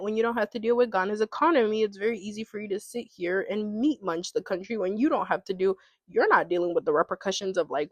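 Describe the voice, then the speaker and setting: A woman's voice: medium pitch, no echo. Exasperated woman ranting, dry close sound. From America. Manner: exasperated, repetitive, emphatic. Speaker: commentary vlogger. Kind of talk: casual opinion rant to camera.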